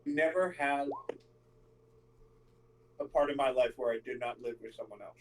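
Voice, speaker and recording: A man's voice: mid-range voice, moderate pace. A young man chatting casually before a tabletop game, laid-back, cursing freely and telling short stories about his life. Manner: laid-back, swearing, storytelling. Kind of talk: casual chat among friends. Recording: distant mic.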